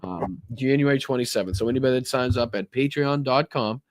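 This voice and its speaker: An American male livestream host with a mid-range voice talks a little fast, reading viewer donations in casual chat. His delivery is loose, rambling and profane, full of fillers and restarts, and the close-mic recording is dry.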